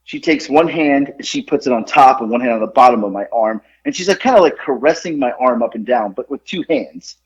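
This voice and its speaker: A man telling a story on a podcast in casual chat, animated and rambling, with lots of fillers and laughs at his own tale. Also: mid-range voice, a little fast, few pauses, lo-fi sound.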